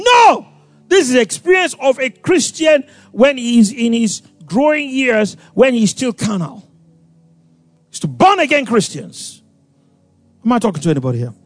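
Pastor guy preaching, high voice swinging all over, quiet music behind. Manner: animated preaching, acts out voices, sudden loud outbursts. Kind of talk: sermon.

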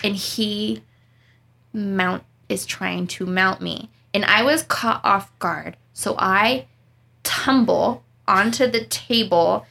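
A young woman telling a story in casual chat, animated and dramatic, laughing as she goes. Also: medium pitch, slow pace, creaky. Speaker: storyteller guest.

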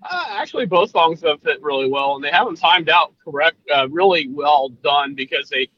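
A man's voice: fairly high pitch, animated, moderate pace, highs cut off. A man co-hosting a podcast, chatting in an easygoing, rambling way. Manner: rambling, lots of fillers and restarts, easygoing. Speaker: podcast co-host. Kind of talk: casual chat.

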